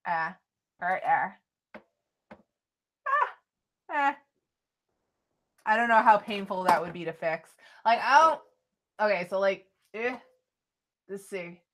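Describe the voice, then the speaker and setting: A young woman talks casually into a phone held at arm's length. She rambles, filling her speech with "like" and little sighs. Her pitch sits in an ordinary middle range. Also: animated, moderate pace. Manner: rambling, chatty, with frequent "like" and sighs. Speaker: vlogger. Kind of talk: casual chat to camera. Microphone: phone camera held at arm's length.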